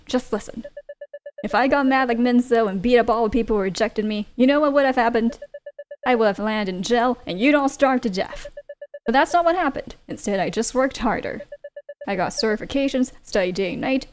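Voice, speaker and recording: A woman voicing a stern immigrant father who lectures his children loudly. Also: on the high side, brisk, faint music behind, natural voice. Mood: scolding. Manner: loud, lecturing, scolding.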